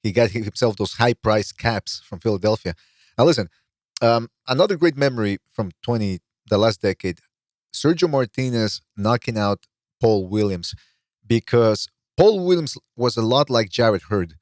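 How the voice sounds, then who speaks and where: A man's voice: mid-range voice, animated, moderate pace, no room sound. A man hosting a casual podcast, telling stories and building up to the punchline. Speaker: podcast host.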